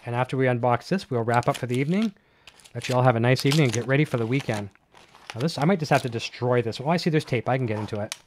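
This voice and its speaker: A man hosting a live online show, chatting casually and excitedly while unboxing, with many fillers and restarts. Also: mid-range voice, racing, a little hiss or hum. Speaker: host of a live gear show.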